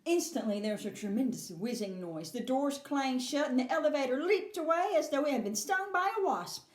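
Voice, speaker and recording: Woman, teacher, reading a children's book aloud, expressive, chatty asides, roomy echo. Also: high voice, brisk.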